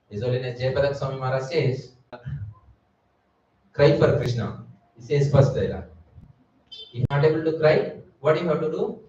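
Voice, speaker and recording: A man's voice: mid-range voice, warm tone, a little hiss or hum. Man preaching in an echoey hall. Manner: rhetorical questions to the audience. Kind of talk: Sunday sermon. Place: temple hall. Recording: echoey hall, distant mic, dull sound.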